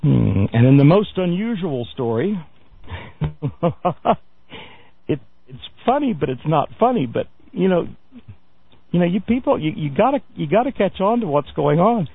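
Radio talk guy, gravelly husky voice, lots of uhs and restarts, sounds like a tinny phone line. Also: on the high side, big pitch swings. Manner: halting, many fillers and restarts, wry asides. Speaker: radio show host. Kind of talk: news commentary talk radio.

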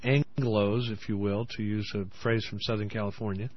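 A man's voice: lowish voice, little pitch movement, moderate pace, dull audio. A man in a played interview clip, talking earnestly with many ums and uhs. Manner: hesitant, many fillers, earnest. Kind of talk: interview talk.

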